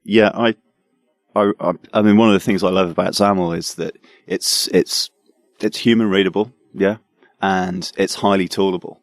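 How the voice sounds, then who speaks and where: A man's voice: sits low, steady tone, normal speed, no echo. A man with an English accent, a developer, talking enthusiastically about his work with stammering restarts. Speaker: developer guest. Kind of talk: casual tech chat.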